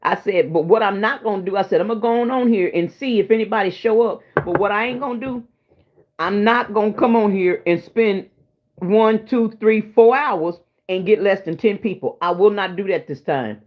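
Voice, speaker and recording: A woman hosts her own livestream, talking to viewers in a rambling, emotional way after a night without sleep. Her voice is medium-pitched and moderately paced, and the stream audio sounds dull and lo-fi.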